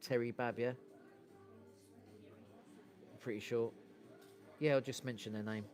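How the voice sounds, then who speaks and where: Out on a street, a man from England streams live in a mid-range, steady voice that is unhurried and a little mellow. His chatter wanders, and he often cuts himself off to speak to the people watching.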